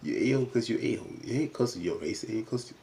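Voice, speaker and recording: A man giving a casual recap of a reality show episode, chatty and full of "you know" fillers, jumping up in pitch whenever he acts out what the cast said. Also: animated, rapid-fire, mellow, a little hiss or hum.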